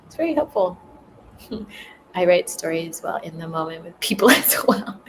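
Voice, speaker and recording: A woman's voice: fairly low pitch, animated, normal speed, slight background noise, poor audio. A woman chatting casually and rambling on a livestream, laughing often as she tells stories. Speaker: spiritual content creator.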